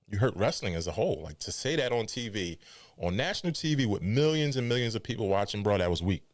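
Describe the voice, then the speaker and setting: A man with a somewhat low voice talks through wrestling news on his podcast. He is close to a dry mic with no room sound. His delivery is casual and animated, often incredulous. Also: fast talker, no echo. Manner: animated, incredulous, mock quoting.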